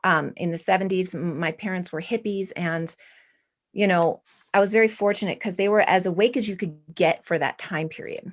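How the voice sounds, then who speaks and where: A woman's voice: on the low side, moderate pace. Earnest rambling woman in her forties. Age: 40s. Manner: rambling, earnest, many restarts. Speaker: guest artist and art professor. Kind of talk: spiritual casual interview.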